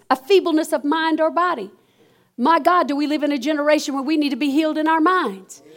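A woman preaching a lively sermon with a very high voice. She calls out to the room with exclamations and keeps an energetic, call-and-response rhythm.

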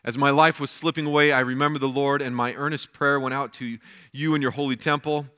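Male pastor, bright forceful voice, reads and explains scripture. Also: mid-range voice, steady tone, a little fast, clear, resonant tone. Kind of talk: sermon.

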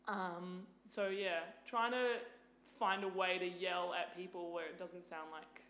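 A woman's voice: fairly low pitch, measured pace, roomy sound. A young woman, a podcast guest, chatting casually, full of "like" and swearing freely. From Australia. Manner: animated, swears freely, lots of "like". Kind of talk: casual chat.

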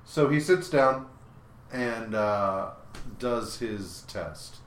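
Male podcast co-host, low-ish voice, unhurried and halting, roomy echo. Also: slight background noise. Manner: halting, many filler pauses. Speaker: comic book podcast co-host. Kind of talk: casual recap chat.

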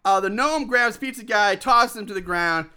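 A man with a very high, bright voice recaps a movie for a podcast. He is profane and sarcastic, laughs often and mocks the characters with quick impressions. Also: clean tone. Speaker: podcast co-host reviewing a movie. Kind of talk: casual comedic movie recap.

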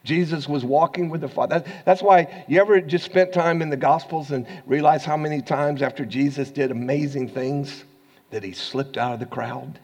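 A man with an American accent preaching a sermon as pastor, swinging from hushed asides to loud, rising lines and laughing often. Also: fairly high pitch, steady tone, moderate pace, in a large hall.

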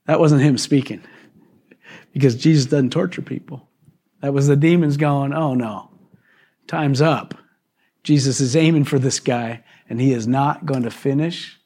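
A male pastor giving a live church sermon, telling the story in a conversational, animated way. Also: medium pitch, moderate pace, pauses often. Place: church service.

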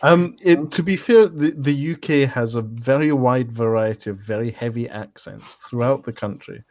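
A man's voice: mid-range voice, normal speed, darkish tone, no echo. A man hosting a podcast, explaining things in a matter-of-fact, casual way. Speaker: podcast host. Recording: dry lo-fi audio.

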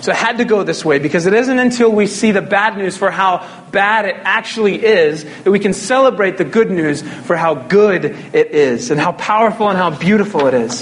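A man's voice: high-pitched, a little hiss or hum. A young man preaching a sermon as a pastor, in a casual, conversational way with jokes.

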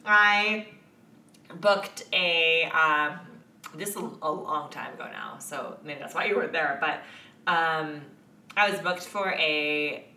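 A woman's voice: sits low, slow pace, pushed and bright, a little hiss or hum. A woman co-hosting a podcast in casual chat, laughing often and swearing freely. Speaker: podcast co-host. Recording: echoey room, mic at a distance.

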